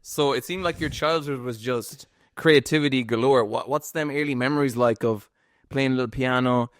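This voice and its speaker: A man's voice: mid-range voice, normal speed, dry recording, clean studio sound. A man with an Irish accent hosting a casual podcast interview, chatty and slangy, with plenty of fillers. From Ireland. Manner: laid-back, slangy, chatty with lots of fillers. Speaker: podcast host.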